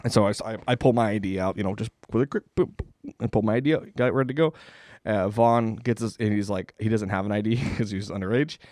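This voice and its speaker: A young man spins a rambling story on a comedy podcast, swearing freely and breaking into laughs. His voice sits low, and it is recorded close on the mic in a dry, dead room. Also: fast, a little mellow, no room sound. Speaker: podcast host. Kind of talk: casual storytelling.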